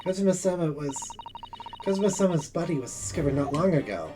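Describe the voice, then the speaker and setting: A man's voice: fairly high pitch, big pitch swings, fairly quick. A man voicing a distraught young woman who speaks formally and pleads. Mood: pleading. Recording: game music behind.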